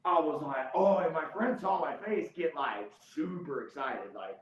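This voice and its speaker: A man's voice: on the high side, lively intonation, measured pace, few pauses. A man telling a heated, profane story as a guest in casual podcast chat. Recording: roomy, slightly dull podcast audio.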